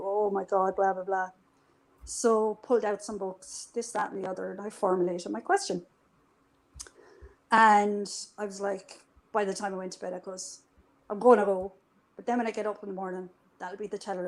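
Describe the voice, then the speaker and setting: A woman's voice: medium pitch, poor audio. A woman chatting casually as an interview guest, telling a story with lots of swearing and acting out what people said. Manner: animated, swears freely, acts out quoted dialogue. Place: live stream conversation.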